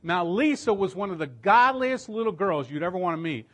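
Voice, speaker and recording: A middle-aged man preaching a storytelling sermon, emphatic and swelling louder at key points. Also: high-pitched, lively intonation, brisk.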